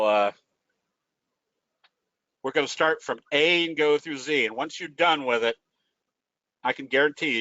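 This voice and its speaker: A man's voice: mid-range voice, sharp tone, no echo. A man presenting a trading webinar in a casual, folksy way, telling jokes and restarting his sentences. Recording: dull lo-fi dry audio.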